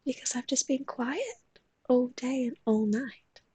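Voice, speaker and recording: A woman talks in a soft, mostly whispered voice and yawns often as she chats with viewers on a live stream while she draws. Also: sits high, steady tone, a little slow, breathy edge, dry recording.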